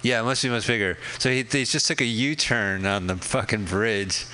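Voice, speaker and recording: A man's voice: on the low side, normal speed, bright, forceful tone, rough recording. A man hosting a casual radio chat, joking and rambling about a film he is watching, swearing freely. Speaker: host. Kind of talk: casual movie commentary chat.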